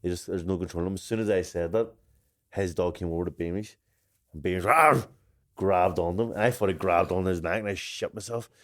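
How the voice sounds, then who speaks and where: Male co-host, low voice, casual and sweary. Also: steady tone, a little fast, darkish tone. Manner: laughs through stories, swears freely. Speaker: podcast co-host. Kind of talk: casual chat.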